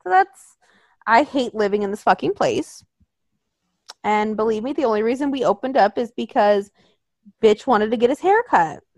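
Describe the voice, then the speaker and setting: A woman's voice: fairly high pitch, expressive, normal speed, long pauses, darkish tone, no room sound, clean studio sound. A young woman telling a story in casual chat, swearing often and acting out quotes in voices.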